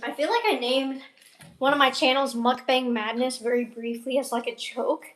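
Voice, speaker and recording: A woman's voice: high voice, moderate pace, fairly bright tone, echoey room, recorded from a distance. A young woman streaming from her kitchen, rambling and talking to herself as she cooks and eats, swearing casually. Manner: rambling, talks to herself while cooking and eating. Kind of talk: casual livestream chat.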